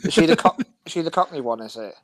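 A man's voice: on the high side, lively intonation, fast, over a noisy crowd. A man co-hosting a podcast, rambling enthusiastically and giggling through casual chat. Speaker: podcast co-host.

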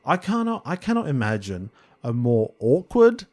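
A man's voice: medium pitch, sing-song, moderate pace, a little mellow. A man co-hosting a podcast, talking in a rambling, casual way with many fillers and frequent laughs. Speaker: podcast co-host. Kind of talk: casual film discussion chat.

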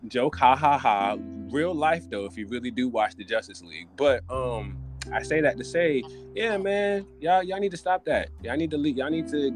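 A man hosting a podcast, ranting in an animated, joking and profane way with lots of restarts. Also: a little high. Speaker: podcast host. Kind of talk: casual comedic podcast chat.

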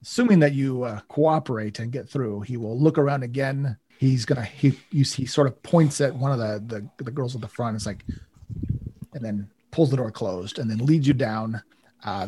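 Casting: husky-voiced man, casual game master narration, loose and rambling. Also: mid-range voice, moderate pace. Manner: relaxed, rambling, many fillers.

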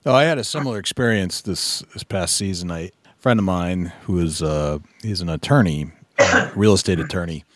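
A man hosting a podcast, speaking in a relaxed, affirming way as he tells a story, sometimes tripping over his words. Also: low-pitched, fairly quick, few pauses. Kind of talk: casual conversation.

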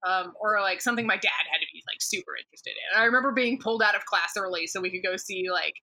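A woman's voice: medium pitch, fast talker, sharp tone, slight background noise. A woman co-hosting a casual podcast, chatty, swearing freely and filling her talk with "like.". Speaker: podcast co-host. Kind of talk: casual chat.

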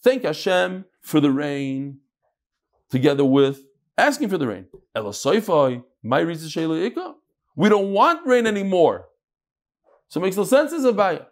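A man teaching a daily Talmud class, asking questions aloud and mixing untranslated Aramaic and Hebrew terms into his English. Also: moderate pace. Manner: animated, leaps between loud questions and low asides.

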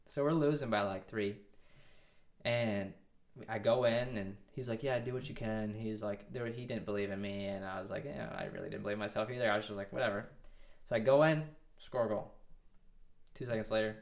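Man in his 20s, lowish voice, casual interview guest, rambling storytelling, lots of restarts. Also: brisk, gravelly. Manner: rambling, with many restarts and quoted dialogue.

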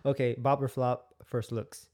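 A man's voice: mid-range voice, flat delivery, unhurried, a little mellow. A man hosting a casual podcast, joking around and laughing often with his guest. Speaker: podcast host.

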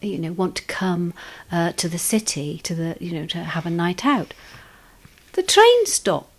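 A woman's voice: on the low side, big pitch swings, unhurried. Reflective woman guest. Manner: thoughtful, reflective, hesitant. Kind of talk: casual chat.

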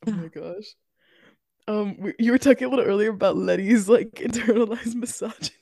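A woman's voice: medium pitch, fairly quick, gravelly, warm tone, no echo, studio quality. A woman co-hosting a podcast in casual chat, giggly and laughing often. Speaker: podcast co-host.

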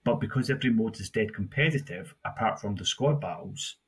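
A man co-hosting a gaming podcast with a husky, lowish voice. He rambles and restarts, rattling off player numbers in a loose, conversational way. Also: animated, fairly quick. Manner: rambling, restarts often, lists stats. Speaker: podcast co-host. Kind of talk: casual gaming podcast chat.

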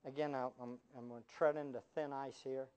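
A man pastor preaching a sermon, animated, firing rhetorical questions at the congregation and dropping sarcastic asides. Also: mid-range voice, brisk, clean tone.

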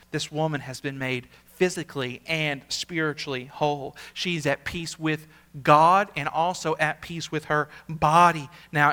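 A male pastor delivers a sermon in a fairly high, bright, forceful voice. He preaches earnestly, repeating key words and swinging between loud emphatic peaks and hushed asides. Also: smooth. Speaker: senior pastor.

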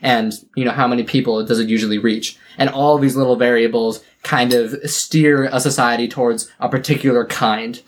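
A man's voice: medium pitch, steady tone, a little fast, hardly any pauses. A young man chats on a podcast. He rambles and thinks aloud, filling his sentences with casual fillers as he steers toward a point. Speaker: podcast host.

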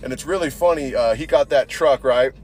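A man's voice: mid-range voice, fairly quick, a little mellow, a little hiss or hum. A young man hosting a podcast, telling a rambling, crude story and cursing a lot, filling it with "dude". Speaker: podcast host. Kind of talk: casual profane storytelling.

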